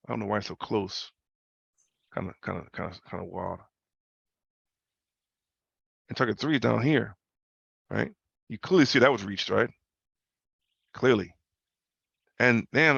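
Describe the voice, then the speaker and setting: The host, a man with a mid-range, creaky, slightly bright voice, runs a loose, slang-filled trading talk on a video call. He repeats himself and adds questions to his points; the audio is muffled but has no room sound.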